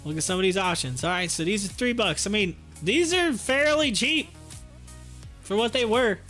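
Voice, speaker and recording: Man, stock live-stream host, jokey, laughs a lot, crisp bright voice. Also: high voice, lively intonation, moderate pace, faint music behind. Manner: jokey, laughs often, slips into mocking voices. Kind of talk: casual live-stream commentary.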